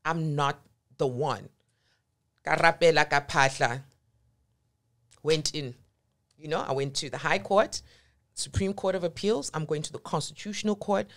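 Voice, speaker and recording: A woman's voice: low voice, a little slow, pauses often. A woman, a podcast guest telling her story in a blunt, emphatic way and swearing freely. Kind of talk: candid conversational storytelling.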